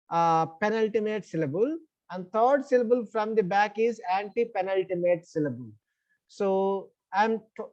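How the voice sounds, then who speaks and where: A man's voice: high voice, a little mellow, dull audio. A man with an Indian English accent teaching an online English class. He explains the rules step by step, repeats them, and checks that the students follow. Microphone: online class call.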